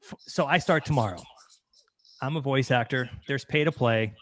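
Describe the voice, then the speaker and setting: A man's voice: mid-range voice, normal speed, a bit bright. A man hosting a podcast interview, enthusiastic and affirming as he chats. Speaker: podcast host. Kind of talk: casual interview chat.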